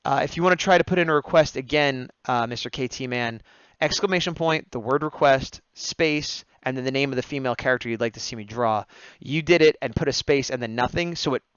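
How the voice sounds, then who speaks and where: Taking drawing requests on a livestream, a man narrates as he works and chats with viewers, often laughing at his own jokes. His medium-pitched voice is clean and a bit bright, and he talks a little fast with few pauses. The recording is dry, and the lo-fi audio dull.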